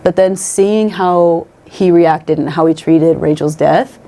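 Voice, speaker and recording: A woman's voice: fairly low pitch, slow pace, mellow. A young woman telling her own life story in a casual conversation, emotional and full of "like" fillers and restarts.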